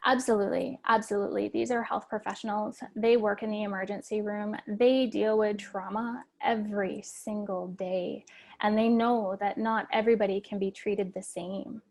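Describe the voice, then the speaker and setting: Gravelly-voiced woman recounting an ordeal. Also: medium pitch, normal speed. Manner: earnest, steady retelling of a distressing event. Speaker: interviewee. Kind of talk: personal account in an interview.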